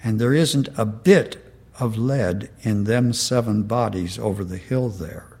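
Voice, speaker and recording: A man reading out the lines of a kindly, puzzled Marine sergeant who speaks gently and plainly. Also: lowish voice, unhurried, breathy edge. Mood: gentle, puzzled. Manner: gentle, plain-spoken, slightly folksy.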